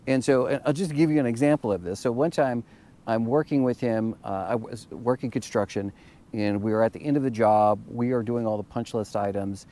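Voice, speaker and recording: Halting, earnest motivational man. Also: medium pitch, dark tone. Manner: halting, repeats words while searching for them. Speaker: motivational vlogger. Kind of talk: casual motivational monologue.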